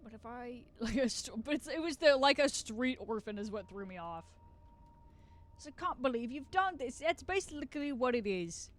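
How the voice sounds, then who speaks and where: A young woman with a light Southern US accent chats casually while gaming on stream, rambling, joking, and swearing freely. Her voice is on the higher side with lively intonation, and she talks at a normal speed.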